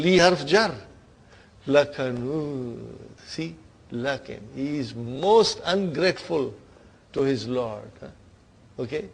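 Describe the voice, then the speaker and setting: A man teaching Quranic Arabic grammar with a South Asian English accent. He rattles off verses fast, then explains slowly in English and keeps checking in with "are you with me, brothers and sisters?". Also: a little high, creaky. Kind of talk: classroom lesson on Quranic grammar.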